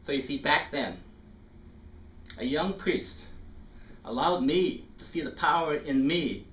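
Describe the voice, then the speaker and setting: A man in his fifties from South Africa, telling a personal story to an audience in an animated way and acting out the voices. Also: a little high, slow. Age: 50s. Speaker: speaker. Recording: echoey room, distant mic, faint noise.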